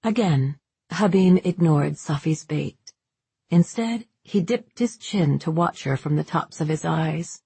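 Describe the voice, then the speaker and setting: A woman narrating a fantasy audiobook in a measured, unhurried storytelling manner. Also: sits low, lively intonation, creaky, mellow, slightly rough, dry recording.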